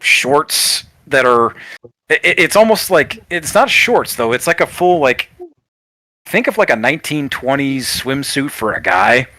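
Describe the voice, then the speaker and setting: Game master of a tabletop game on an online call. His voice is bright and forceful. The sound is dry and close, and he rambles through vivid descriptions full of fillers. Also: medium pitch, dry recording.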